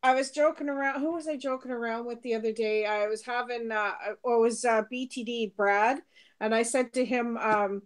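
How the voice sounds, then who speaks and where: A woman's voice: on the high side, steady tone, smooth. A woman chatting casually as a guest, agreeing readily, laughing often and filling her speech with "like" and "um". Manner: agreeable, quick to laugh, lots of "like" and "um". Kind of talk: casual chat.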